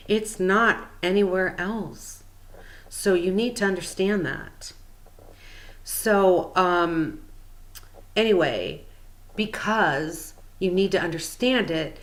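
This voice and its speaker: A woman spiritual coach explaining things in a casual, meandering, chatty way with frequent fillers. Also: mid-range voice.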